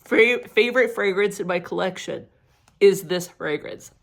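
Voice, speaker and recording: Gravelly, chatty middle-aged woman reviewer. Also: medium pitch, normal speed, a bit bright. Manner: chatty, giggly, gushing. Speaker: fragrance reviewer. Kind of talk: casual product review.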